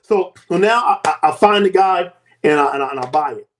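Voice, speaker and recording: A man in his fifties, a host and health coach, telling a personal story with emphatic, sweeping swings in pitch and loudness. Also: a little fast.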